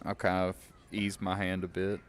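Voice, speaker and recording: A man's voice: sits low, completely flat delivery, normal speed, slight background noise. A man playing a tabletop game, speaking hesitantly with many fillers. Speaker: player. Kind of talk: tabletop role-play.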